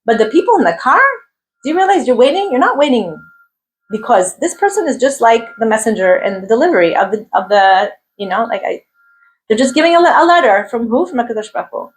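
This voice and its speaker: A woman teaching a weekly Torah class, asking her listeners questions and tagging sentences with "right?". She mixes Hebrew terms into her English and acts out the figures in the story with sudden high voices. A faint hum of room sound sits behind her. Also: big pitch swings, quick pace, rough recording.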